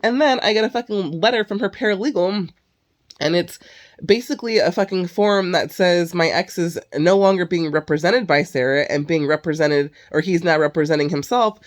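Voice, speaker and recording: Swearing, exasperated woman venting. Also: lowish voice. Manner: heavy swearing, exasperated ranting; sighs and filler "like" often. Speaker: vlogger. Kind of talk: casual venting monologue.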